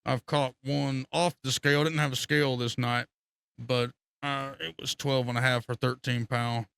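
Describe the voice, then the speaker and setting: A man telling fishing stories as a podcast guest, excitable and profane, laughing often. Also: medium pitch, normal speed, gravelly, clear, resonant tone. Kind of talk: casual storytelling.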